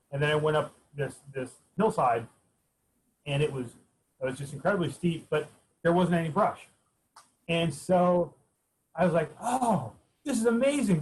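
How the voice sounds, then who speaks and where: Guy explaining stuff with lots of uhs, a bit high-pitched, faint noise behind. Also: low-quality recording. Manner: hesitant, many fillers and restarts. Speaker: race director. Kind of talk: casual interview answers.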